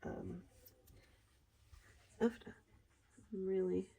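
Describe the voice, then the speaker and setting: A woman's voice: mid-range voice, level tone, extremely slow, creaky, dark tone, poor audio. A woman with a Minnesotan accent, talking casually through a stamping craft tutorial in a chatty, rambling way, often laughing at herself. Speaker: craft demonstrator.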